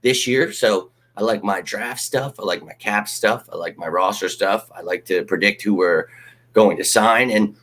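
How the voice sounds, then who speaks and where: A man's voice: on the low side, normal speed. Ranting man hosting a fan stream. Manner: animated, ranting, swears freely, mocks critics in put-on voices. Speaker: host of a fan live stream. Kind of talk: casual live-stream rant.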